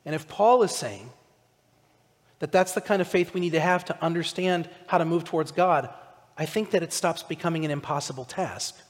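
A male pastor giving a conversational, animated sermon, asking his listeners direct questions. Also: on the high side, moderate pace, long reverb tail.

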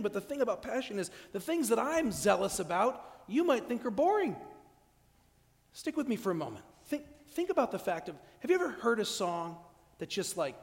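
A man preaching a conversational sermon in a church at an evening service, humorous and animated, often restarting his sentences. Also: sits high. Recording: long church reverb.

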